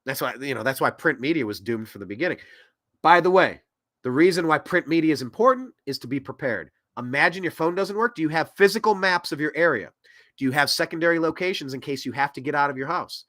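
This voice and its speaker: A man hosting a political commentary show, ranting in an animated way that swings between loud and soft. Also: a little high, quick pace, dry recording, studio quality. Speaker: host.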